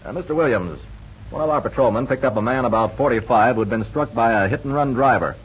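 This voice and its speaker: An actor playing an eager male police captain in a 1940s radio drama, speaking briskly and respectfully. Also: medium pitch, husky. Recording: dull lo-fi old radio recording.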